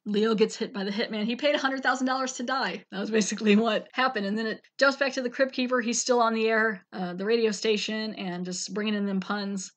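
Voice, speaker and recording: A woman's voice: on the high side, fairly even intonation, fairly quick, few pauses. A woman hosting a podcast, chattily recapping an episode and acting out the characters' lines. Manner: chatty, acts out quotes. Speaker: podcast host.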